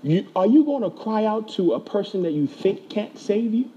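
A man with a high voice delivers a sermon, pressing his points with rhetorical questions and repetition. His tone is dark and slightly husky. The recording sounds dull and muffled. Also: expressive, normal speed. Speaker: pastor.

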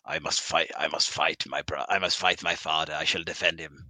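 A man's voice: very deep voice, steady tone, brisk, bright, forceful tone, no echo, pitched below the performer's own voice, heavily acted. A man voicing a tragic, melodramatic warrior demigod in a mock-epic parody on a podcast. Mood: brooding. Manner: overwrought, lamenting, mock-epic.

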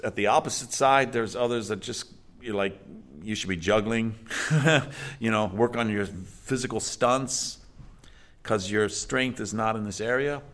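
A man's voice: lowish voice, unhurried, a bit bright. A man, an acting teacher, talking casually in an interview, often restarting his sentences. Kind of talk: documentary interview.

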